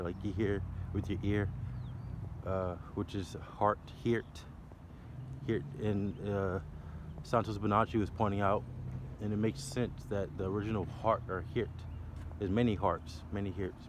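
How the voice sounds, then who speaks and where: Male vlogger, low voice, playful free-associating ramble, outdoors with faint traffic noise. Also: level tone, normal speed. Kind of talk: rambling walk-and-talk wordplay musings. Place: outdoors by a library building near traffic. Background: passing cars and city sounds.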